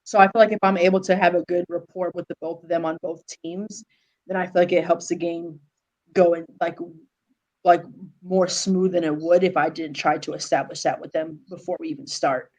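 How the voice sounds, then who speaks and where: A woman co-hosting a podcast, explaining her approach calmly with many pauses. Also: on the low side, rough recording. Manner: measured, with many "um"s. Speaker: podcast co-host, flag football official. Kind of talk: casual podcast discussion.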